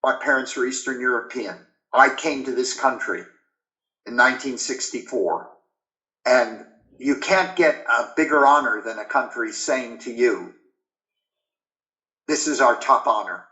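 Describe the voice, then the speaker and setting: A man's voice: mid-range voice, unhurried, long pauses, bright, forceful tone, echoey room, dull audio. An older man with an American accent, speaking earnestly and with feeling as an interview guest over a video call. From United States. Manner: heartfelt, earnest, emotional when recalling honors. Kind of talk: warm reflective conversation.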